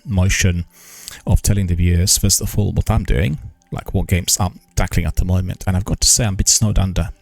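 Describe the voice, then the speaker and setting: An older man talking on a live stream, slow and halting, with many pauses and restarts, careful formal pronunciation. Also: low voice, creaky, no room sound. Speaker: gaming news streamer. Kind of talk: casual live-stream chat.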